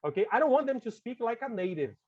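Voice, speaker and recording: A man's voice: extremely high pitch, sing-song, quick pace, darkish tone, highs cut off. A man with a Brazilian Portuguese accent, a native Portuguese speaker, gives a casual teacher-training talk to colleagues. He is chatty and keeps tagging his lines with "okay?" and "right?".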